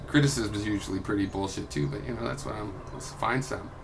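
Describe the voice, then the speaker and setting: A man's voice: fairly low pitch, fairly even intonation, fast, creaky, noisy background. A young adult man recording a heated reply vlog, ranting in a combative, sarcastic and profane way. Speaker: video blogger.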